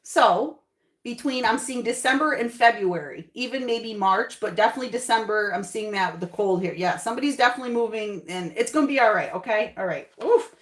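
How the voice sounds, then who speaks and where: Female tarot reader, higher voice, loose reassuring chat, repeats lines, echoey room. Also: fairly quick. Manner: chatty, reassuring, repeats phrases. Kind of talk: casual tarot reading to camera.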